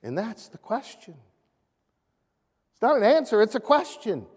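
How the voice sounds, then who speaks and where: A man preaching a sermon as pastor in a church sanctuary, earnest, rising animatedly and dropping soft. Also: high-pitched, sing-song, measured pace, breathy edge. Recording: echoey church hall.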